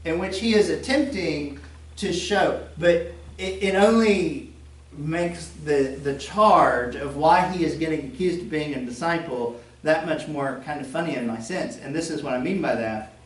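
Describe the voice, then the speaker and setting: A man's voice: on the high side, unhurried, echoey room, recorded from a distance. A man with a faint Southern American accent, preaching a sermon as pastor in a conversational way, with joking asides and acted-out quotes. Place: church sanctuary.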